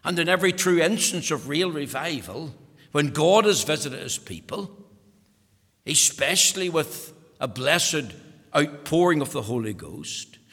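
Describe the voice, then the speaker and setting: A man's voice: fairly high pitch, gravelly, sharp tone. A man preaching a sermon in a church, earnest and emphatic, repeating words for stress. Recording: long hall reverb.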